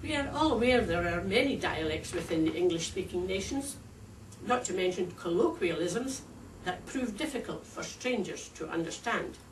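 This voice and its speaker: An older woman with a Scottish accent delivering a prepared, humorous speech at a speakers club in a wry, measured, deliberate way. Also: on the low side, lively intonation. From Scotland. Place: club meeting room. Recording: echoey room, distant mic, faint hiss.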